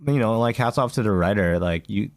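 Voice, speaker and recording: A man with a low, deep voice talks through a game in a loose, rambling podcast chat. He keeps circling back with fillers and restarts as he finds his words. The sound is close and dry, with no room around him. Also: brisk, dry recording. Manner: hesitant, many fillers and restarts. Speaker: podcast co-host. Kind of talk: casual chat about video games.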